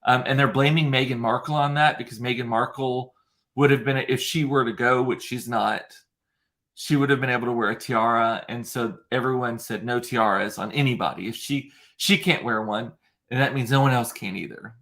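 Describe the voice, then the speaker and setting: A man's voice: mid-range voice, fairly even intonation, normal speed, fairly bright tone. Chatty man rambling casually. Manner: rambling, chatty, often restarts and corrects himself. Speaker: vlogger. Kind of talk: casual solo chat reading live comments.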